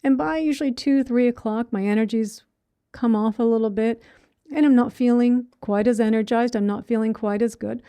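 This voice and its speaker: Her voice is fairly high yet dark, clear, and resonant, held steady at a moderate pace with no echo. This middle-aged meditation teacher delivers a dharma talk conversationally, frequently acting out thoughts in quotation and tagging lines with "right?"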